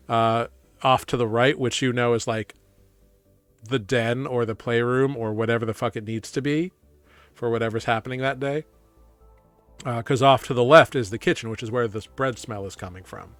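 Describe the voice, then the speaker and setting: Rambling male game master, clear voice. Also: medium pitch, a bit bright, no room sound. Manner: casual, rambling, full of fillers. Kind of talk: narrating a tabletop game.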